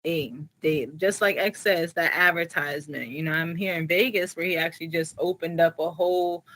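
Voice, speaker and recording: Brief: easygoing woman host, slightly low pitch, conversational. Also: normal speed, rough recording. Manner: relaxed, conversational, lots of fillers. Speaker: podcast host. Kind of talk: casual chat.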